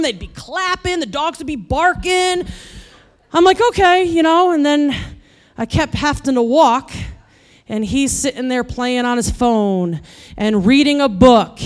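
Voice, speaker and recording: A woman preaching with a funny personal story, animated and building to loud exasperated rants. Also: high voice. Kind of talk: humorous sermon storytelling.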